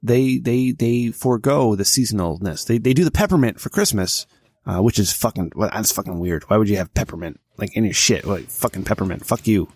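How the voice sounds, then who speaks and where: A man's voice: lowish voice, fairly quick, darkish tone, breathy edge, no room sound. A man hosting a casual podcast, crude and joking, swearing often and a bit drunk. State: tipsy, burping. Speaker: podcast host.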